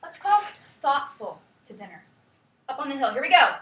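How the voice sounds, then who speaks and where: A woman teaching a class, leading students with lively, sing-song calls. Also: high voice, moderate pace, very noisy. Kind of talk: classroom lesson. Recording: echoey classroom from far off.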